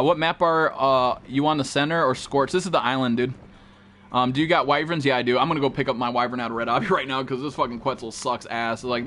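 A man's voice: medium pitch, a bit bright, slight background noise. A man live-streaming a game, chatting casually and profanely with viewers and greeting them by name.

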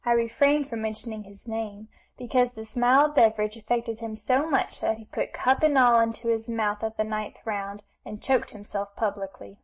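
A woman narrating a classic novel as an audiobook reader, in a steady storytelling manner. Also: on the high side, normal speed, few pauses, rough recording.

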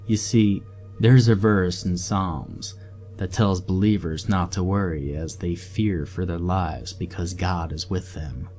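A man voicing a menacing, cold-blooded male soldier who talks in a low mutter. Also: a little slow, a little mellow, faint music behind.

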